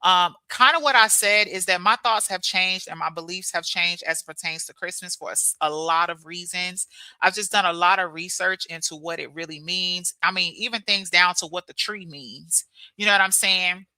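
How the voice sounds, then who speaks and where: A woman in her thirties or forties hosting a casual motivational livestream and reading chat messages. She talks in an animated, preachy way and keeps repeating that she is telling you. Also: on the low side, moderate pace, clean tone, no echo.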